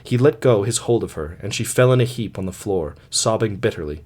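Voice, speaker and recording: A man's voice: lowish voice, lively intonation, brisk, a little mellow. Man reading an audiobook. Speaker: audiobook reader. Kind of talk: audiobook narration of a classic story.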